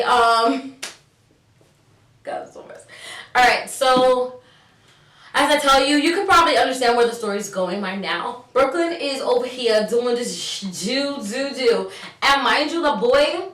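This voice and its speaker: A woman's voice: a little high, far from the mic. A young woman telling a story in casual, slangy vlog talk, acting out the dialogue. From New York. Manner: animated, slangy, acts out dialogue. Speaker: vlogger. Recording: roomy, set back from the mic.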